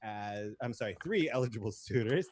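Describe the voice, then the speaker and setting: A man's voice: mid-range voice, animated, a little fast, darkish tone, slight background noise. A man hosting a live improv comedy show, joking and explaining a game loosely with fillers. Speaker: show host.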